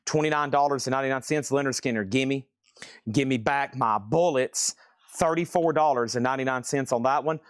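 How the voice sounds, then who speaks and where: A man running a live online record sale and auction, calling out titles and prices in quick bursts with frequent exclamations of surprise. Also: medium pitch, fairly even intonation, clean tone, no echo, studio quality. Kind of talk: live online sales stream.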